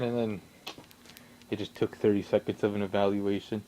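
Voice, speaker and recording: A young man rambling casually in his home workshop, swearing a lot and breaking into sudden loud outbursts. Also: on the low side, steady tone, fast talker, background noise. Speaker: vlogger.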